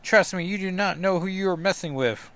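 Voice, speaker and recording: A man's voice: sits high, a little fast, fairly bright tone, pitched above the performer's own voice. A man doing a brash, taunting crime boss.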